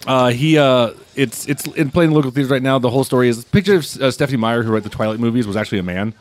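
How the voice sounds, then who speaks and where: A man's voice: mid-range voice, fast. A man hosting a casual podcast who reviews films and tells stories in a loose, profane way. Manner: animated, profane storytelling. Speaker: podcast host and film reviewer. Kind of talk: casual chat.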